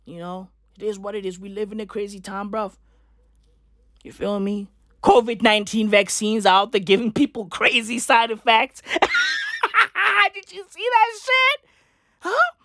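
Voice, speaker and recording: A woman's voice: medium pitch, steady tone, normal speed, fairly bright tone, dry recording, studio quality. Profane rambling woman in a comedic rant. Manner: repeats filler tags.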